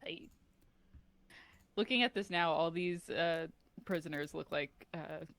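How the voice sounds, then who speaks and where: A woman player chatting casually and quietly in a tabletop game. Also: sits low, measured pace, no room sound. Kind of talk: casual chat.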